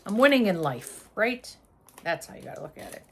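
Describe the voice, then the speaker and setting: Excitable woman gushing over a book. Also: mid-range voice, breathy edge. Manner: excitable, gushing, reads aloud haltingly. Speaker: book vlogger. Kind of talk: casual unboxing chat. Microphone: seated at desk, squeaky chair.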